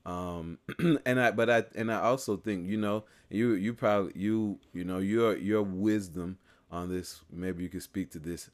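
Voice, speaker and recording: A man's voice: sits low, a little slow. A man talking casually about faith, hesitant and searching for his words with frequent restarts.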